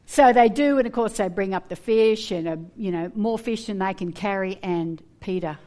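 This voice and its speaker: A woman preaching a sermon, earnest and animated, with humorous asides. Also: medium pitch, normal speed, hardly any pauses.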